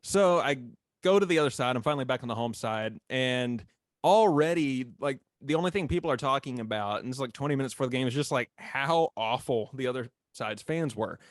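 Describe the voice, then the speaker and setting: A man with a drawl tells a long story among friends, animated and quick to laugh, slipping into other people's voices as he goes. His voice sits at an ordinary middle pitch and sounds close and dry, with no room around it. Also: no echo. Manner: animated, acts out quotes, laughs often. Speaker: former mascot telling a story. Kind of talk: casual storytelling on a podcast.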